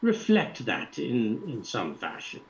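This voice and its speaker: A man voicing a formal, cold employer who hires thieves and speaks in measured, stiff sentences without contractions. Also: mid-range voice, huge pitch swings, muffled recording, heavily acted. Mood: calm.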